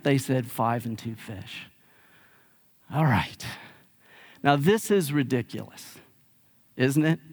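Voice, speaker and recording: A male pastor preaching a sermon in a conversational, animated storytelling way, acting out sarcastic asides. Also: medium pitch.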